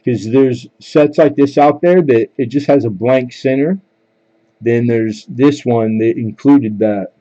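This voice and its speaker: A man runs a live coin auction, calling for bids and joking around with viewers between lots. His voice is very dark and mellow, and the sound is a bit dull and lo-fi, like a home stream mic. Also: mid-range voice, measured pace.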